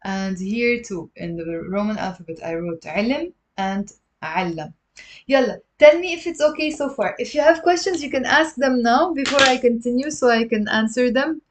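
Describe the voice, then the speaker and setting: A woman teaching a live-streamed language lesson, patiently repeating words slowly for her learners. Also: on the high side, animated. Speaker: Lebanese Arabic teacher. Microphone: livestream camera mic.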